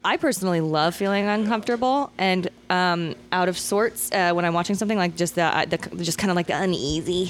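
A woman's voice: fairly low pitch, fairly quick, few pauses. A woman co-hosting a casual interview podcast, talking in a playful, reflective way. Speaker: podcast co-host.

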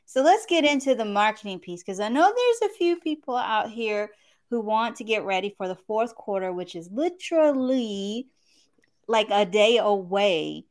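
A woman's voice: medium pitch, lively intonation, moderate pace, darkish tone. A woman hosting a podcast, responding in an encouraging, conversational way and asking her guest questions. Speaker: podcast host. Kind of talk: casual interview chat.

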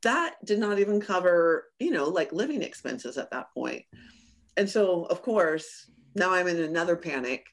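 A woman business coach telling a personal story in a casual interview, animated and often acting out her own remarks with laughs. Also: on the low side, moderate pace. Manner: animated, acts out quoted lines with laughs.

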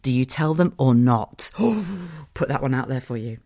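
A woman's voice: extremely low pitch, a little fast, mellow, dry recording, studio quality. A woman hosting a podcast in casual solo chat, candid and laughing often, swearing freely. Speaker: podcast host.

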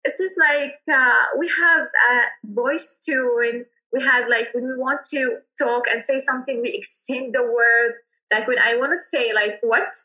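Bright-voiced Yemeni woman, halting English. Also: a little high, steady tone, low-quality recording. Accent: Yemeni Arabic. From Yemen, Hadramaut. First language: Arabic. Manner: hesitant, many fillers and restarts. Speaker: interviewee, cultural entrepreneur. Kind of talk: casual interview answers.

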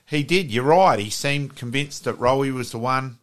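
A man's voice: mid-range voice, moderate pace, a bit bright. A man, a podcast co-host reminiscing with a guest in casual chat. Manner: reminiscing, agreeable.

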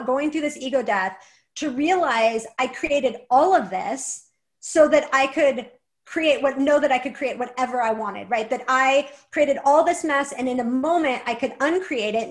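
A young adult woman, a guest and author, telling a personal story earnestly with many "like" fillers. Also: high voice. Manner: earnest, fast, lots of "like" fillers.

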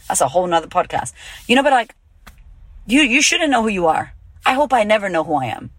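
A woman's voice: medium pitch, big pitch swings, a little fast, dry recording. A woman in her thirties hosting a podcast, giving a casual motivational talk in a blunt, emphatic way, swearing freely. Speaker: podcast host and confidence coach.

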